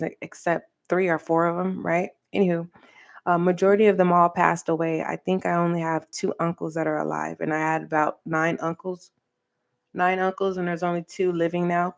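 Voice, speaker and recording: A woman reading tarot for her channel, talking earnestly and preachily to the viewer with pauses and direct address. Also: fairly low pitch, gravelly. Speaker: tarot reader. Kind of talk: spiritual tarot reading monologue.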